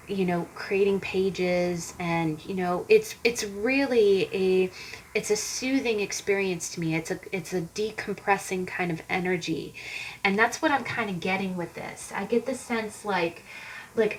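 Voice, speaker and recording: Medium-pitched with a fairly bright tone, a tarot card reader chats through a casual reading straight to her viewers. Poor audio carries a little hiss or hum, and she wanders conversationally, using lots of fillers and restarting often.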